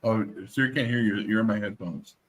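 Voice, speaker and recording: A man's voice: lowish voice, brisk. A man streamer in casual chat, talking in a playful, teasing, joking way.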